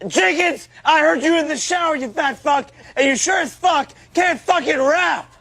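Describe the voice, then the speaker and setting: An actor playing a foul-mouthed, raging high school football coach who bellows profane insults at his players in a comedy sketch. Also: normal speed, exaggerated voice. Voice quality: gravelly, strained high shout.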